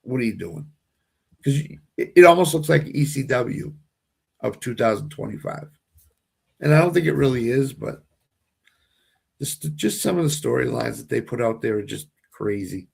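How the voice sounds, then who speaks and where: A man's voice: medium pitch, expressive, normal speed, creaky, a little mellow, husky. A man with a Boston accent, co-hosting a casual sports watch-along, opinionated and often restarting his sentences. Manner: opinionated, repeats and restarts phrases. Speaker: co-host.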